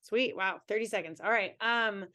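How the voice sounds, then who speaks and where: A woman's voice: mid-range voice, moderate pace, bright, forceful tone. Earnest woman union leader, candid. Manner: earnest and candid, talks in long run-on thoughts. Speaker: teachers' union president. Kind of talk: town hall panel answers.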